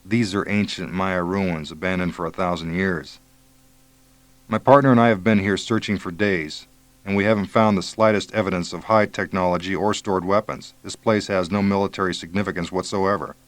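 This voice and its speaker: A man's voice: deep voice, fairly even intonation, normal speed, no echo, lightly acted. A man playing a skeptical FBI agent with a dry, sardonic manner. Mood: wry.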